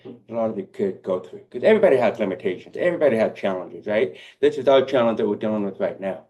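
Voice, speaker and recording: A man's voice: lowish voice, expressive, quick pace, a little mellow, highs cut off. A man with a deaf accent giving a heartfelt, encouraging keynote speech, speaking directly to his audience.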